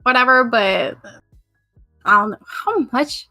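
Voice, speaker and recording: A woman guest in a casual talk show chat, animated and playfully protesting. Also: fairly high pitch, takes it slowly, no room sound. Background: faint background music.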